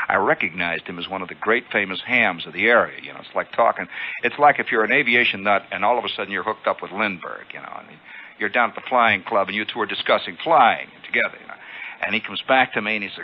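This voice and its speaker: A man spinning an animated, chuckling radio monologue and acting out the scene, heard through a lo-fi old radio broadcast. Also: on the low side, quick pace. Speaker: radio storyteller.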